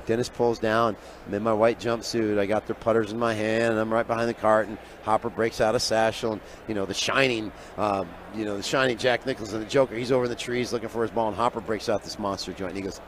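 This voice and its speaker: A man who is a sports handicapper, telling an animated story as a guest on live sports radio and acting out the people he quotes. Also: on the low side, fast, few pauses, slight background noise. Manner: lively raconteur who acts out quoted voices, often trailing off quietly. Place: live broadcast booth at a radio event.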